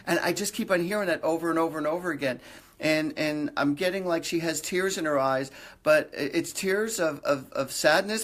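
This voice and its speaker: A middle-aged man, hosting a live psychic reading and passing on reassuring messages in an earnest voice that often repeats itself. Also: a little high. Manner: earnest, reassuring, repeats phrases, jokes lightly. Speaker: psychic medium host. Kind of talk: live-stream reading for viewers.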